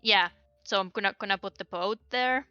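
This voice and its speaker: A woman's voice: medium pitch, normal speed, sharp tone, smooth, dry recording, lo-fi sound, soft background music. A woman playing a tabletop game, planning aloud in a rambling, casual way. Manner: rambling, many fillers. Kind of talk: casual chat.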